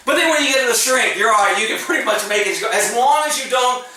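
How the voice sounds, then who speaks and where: High, bright-voiced man in an echoey room. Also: animated, fast, distant mic. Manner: blunt, joking, acts out quoted exchanges with laughs. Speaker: former police officer. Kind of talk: casual storytelling monologue.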